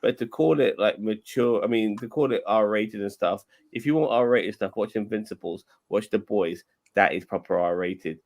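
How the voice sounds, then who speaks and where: Blunt, low-voiced man. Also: normal speed, a little mellow. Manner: blunt, opinionated, sweary. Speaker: podcast co-host. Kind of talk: casual chat.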